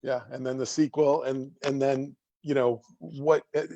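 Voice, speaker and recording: A man's voice: medium pitch, little pitch movement, measured pace, creaky, warm tone, lo-fi sound. A male interview host asks long, winding questions in a chatty, self-deprecating way. His voice sounds close and dry, with no room echo. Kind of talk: casual interview chat.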